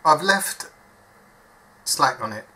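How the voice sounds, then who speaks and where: A man's voice: a little high, animated, slow pace, pushed and bright. A man talking through a soldering job at his workbench, chatty and self-mocking as he thinks aloud. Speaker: hobby electronics modder. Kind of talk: casual step-by-step workbench demonstration. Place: at a workbench indoors.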